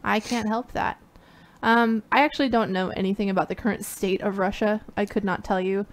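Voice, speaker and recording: A woman co-host chatting casually on a live stream, tossing in playful, deadpan quips. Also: medium pitch, brisk.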